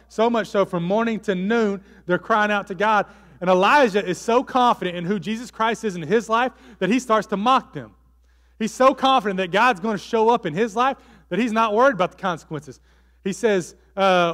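Guy preaching, high voice, lots of uh's, acting out the lines, long hall echo. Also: fairly quick, a bit bright. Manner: storytelling preacher, acts out quotes, many fillers. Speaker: pastor. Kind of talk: sermon. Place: church hall.

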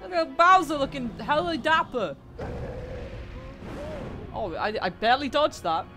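A young woman giving casual, excitable commentary while playing a video game, swearing freely and talking back to the characters. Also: high voice, a little slow, music in the background. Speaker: let's play gamer.

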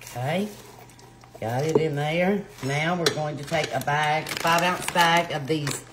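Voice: medium pitch, measured pace, background noise. A home cook, talking plainly through a recipe in a casual cooking demonstration in a home kitchen. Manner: homey, plainspoken, talks while working. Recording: kitchen clatter behind the voice.

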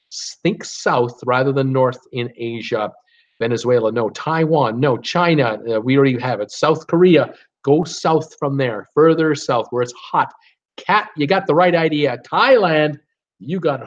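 A man hosting a casual live-stream quiz, his voice sitting a bit higher than most men's. He talks in a chatty, encouraging way and fills gaps with frequent "uh" and "um". The stream audio is dull and lo-fi. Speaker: host of a live trivia stream. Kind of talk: casual live-stream quiz, reading viewer guesses aloud.

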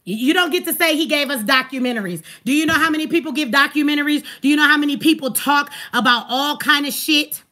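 A woman hosting a livestream, ranting angrily and profanely at her chat with rapid rhetorical questions. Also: high-pitched, pushed and bright. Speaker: livestream host. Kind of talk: heated livestream rant.

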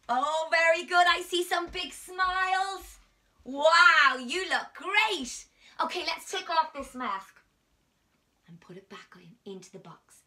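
A woman's voice: sits high, bright, forceful tone. A woman from Ireland leading a drama lesson for small children in a playful, coaxing way, often dropping to a whisper, filmed on a phone at home. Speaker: drama teacher. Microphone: phone camera. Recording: phone mic held at a distance.

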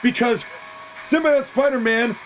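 Excitable play-by-play wrestling voice, partisan, laughs easily, mid-pitched, noisy recording. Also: a little slow. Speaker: wrestling commentator.

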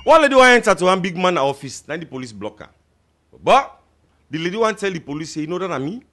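A man's voice: sits high, big pitch swings, quick pace, pushed and bright. A man from Sierra Leone with a Krio accent, telling stand-up jokes in Krio-flavored English and acting out the people in them. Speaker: comedian.

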